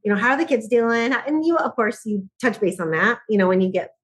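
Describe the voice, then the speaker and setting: A middle-aged woman, a podcast guest who speaks on joy and laughter, telling stories in lively conversation and often laughing. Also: on the high side, brisk. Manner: animated storyteller, often laughing.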